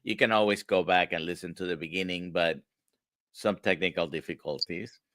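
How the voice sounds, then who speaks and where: A man with a Spanish accent hosting a livestream interview, talking in halting bits and repeating words. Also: sits low, steady tone, fairly bright tone, no room sound, clean studio sound. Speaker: host.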